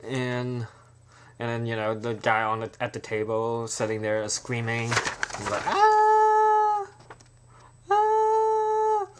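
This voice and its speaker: A man who is an amateur filmmaker, pitching a trailer in a loose, rambling way. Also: monotone, a little slow, background noise. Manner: rambling, full of fillers and restarts.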